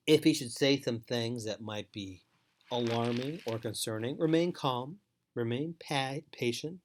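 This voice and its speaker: A man gives a steady instructional talk to foster parents at a mid-range pitch. He speaks in a measured, emphatic way and goes back over key points. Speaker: foster care trainer.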